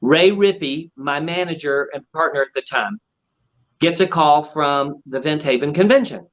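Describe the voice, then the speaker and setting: Animated storytelling man, muffled audio. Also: fairly high pitch, moderate pace. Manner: animated storyteller acting out quotes. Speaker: ventriloquist guest. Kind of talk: storytelling interview.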